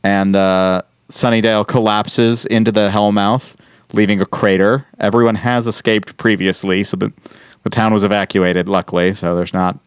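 A man with a lowish, smooth and resonant voice talks through a TV episode on a casual podcast. He tells it with energy and jumps into quick impressions of the characters. The sound is dry and close to the mic. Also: dry recording. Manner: animated storyteller, quoting characters in quick bursts. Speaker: podcast host. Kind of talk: casual chat recapping a TV episode.

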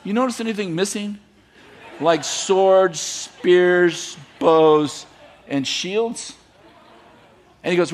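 A man preaching a sermon, retelling stories with lively acted-out dialogue and laughter. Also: sits high, slow pace, long pauses. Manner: animated, acts out biblical characters with voices and laughs. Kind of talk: sermon storytelling.

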